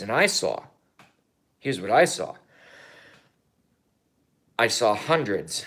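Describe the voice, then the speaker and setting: A man in his thirties rambling through a political vlog monologue, excitable and profane, swinging from mumbled asides to loud outbursts and repeating himself. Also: fairly low pitch, slow, pauses often, breathy edge. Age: 30s. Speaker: YouTuber.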